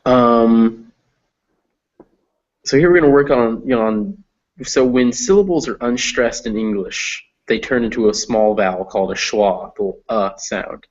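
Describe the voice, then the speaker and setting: A man's voice: medium pitch, highs cut off. Patient man teaching English pronunciation. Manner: patient, explanatory, models words slowly. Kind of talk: online reading and pronunciation class.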